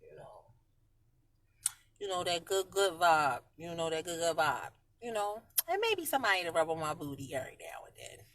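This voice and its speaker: A woman chatting casually on a live stream from her parked car, slangy and swinging between loud and quiet. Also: fairly low pitch, very animated, normal speed. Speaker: vlogger talking live to viewers.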